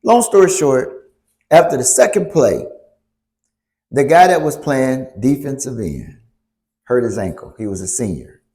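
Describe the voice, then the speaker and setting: A man telling a story to a church youth group, animated, stopping to ask the audience questions. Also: mid-range voice, measured pace, pauses often. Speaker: youth speaker.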